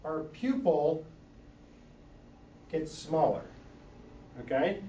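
A man's voice: a little high, drawn-out words, warm tone. A man who works as an eye doctor, patiently explaining lenses and eye health with everyday comparisons. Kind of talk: explaining to an audience. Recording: echoey room, mic from far off.

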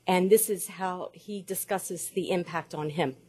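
Measured woman lecturing on caregiving research. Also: lowish voice, mellow, slight background noise. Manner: measured, cites statistics, pauses to work slides. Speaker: dementia care researcher presenting. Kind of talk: lecture presentation.

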